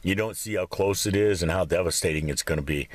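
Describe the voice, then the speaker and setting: A vlogger from Michigan rants to his viewers from a cold room at home, his deep voice moving at a quick pace. The heated monologue rambles, and he swears heavily throughout.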